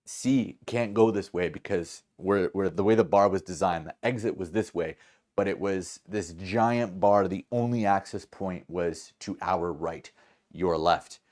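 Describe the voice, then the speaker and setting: A man's voice: deep voice, unhurried, a little mellow. A man hosting a podcast, telling a story casually, rambling with many fillers, restarts and laughs. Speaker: podcast host.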